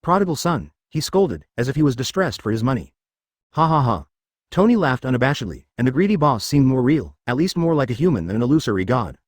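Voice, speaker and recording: Lively male audiobook narrator. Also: medium pitch, fast talker, hardly any pauses, no echo, clean studio sound.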